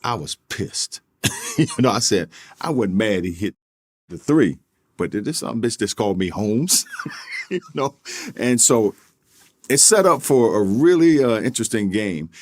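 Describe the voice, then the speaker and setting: A low-pitched man, a former basketball player, tells stories from his playing days. He laughs often and keeps the telling animated. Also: a little slow, pauses often. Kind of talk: anecdotal storytelling.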